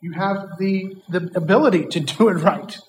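A man voicing God as a patient father figure who calmly questions and warns. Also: sits high, moderate pace, reverberant, a little hiss or hum, natural voice, low-quality recording. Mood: coaxing. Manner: calm, coaxing, questioning.

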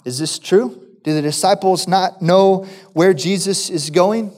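A male pastor delivering a sermon at a slow, deliberate pace. His voice sits high for a man, and he keeps stopping to ask his listeners questions. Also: a little mellow. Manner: deliberate preaching with rhetorical questions.

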